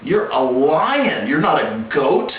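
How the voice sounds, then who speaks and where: A man voicing a stern, gruff old male lion who urges a young lion to see who he is, recorded through a tinny, echoey line from a distance. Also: on the high side, very animated, slow, slight background noise. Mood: urging. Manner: urging, questioning.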